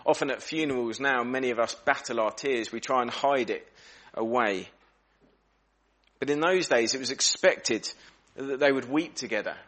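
A man preaching a sermon in a church, earnest and reflective, slowing down and dropping his voice for emphasis. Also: mid-range voice, fairly bright tone. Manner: earnest, reflective, varies pace and volume for emphasis.

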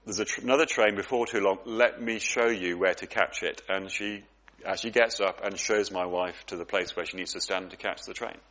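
A man's voice: low-pitched, steady tone, a little fast, fairly bright tone. A man preaching a sermon, earnest and reflective, often repeating words as he goes.

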